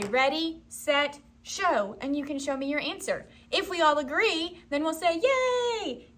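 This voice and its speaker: A young woman who teaches first grade talks through her reading lesson in a loose, chatty way. Her voice sits a little high for a woman. She slips in and out of a bright classroom teacher voice as she acts out what she told her students. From Florida. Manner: loose and chatty, with many fillers. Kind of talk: casual teaching vlog walkthrough.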